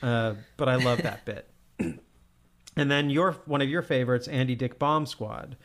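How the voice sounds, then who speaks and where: A man's voice: mid-range voice, a little slow, a bit bright. A man hosting a podcast, chatting enthusiastically and laughing often while recapping comedy sketches. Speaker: podcast host. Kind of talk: casual podcast chat.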